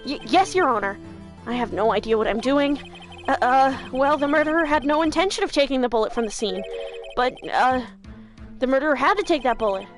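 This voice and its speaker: Brief: woman voicing a panicky young male attorney, stammering, pushed up loud and high. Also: fairly quick, faint music behind, natural voice. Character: flustered young male defense lawyer.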